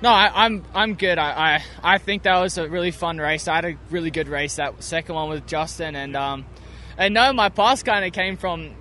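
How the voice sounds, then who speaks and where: A young man with a high, bright voice talks over his race in an upbeat, rambling way, full of restarts. He is outdoors at a track, with faint engine noise behind him. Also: normal speed. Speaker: motocross racer. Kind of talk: post-race interview.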